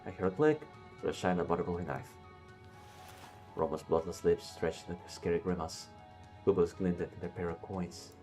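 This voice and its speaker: A man streams a game with its music playing behind him, reading the story text aloud and bantering with the characters through jokes and swearing. His voice sits low and warm, at a moderate pace.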